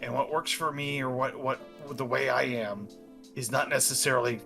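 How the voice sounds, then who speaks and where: A man's voice: medium pitch, steady tone, moderate pace, gravelly, over music. A man talking casually as a guest, rambling and stammering through restarts. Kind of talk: casual chat.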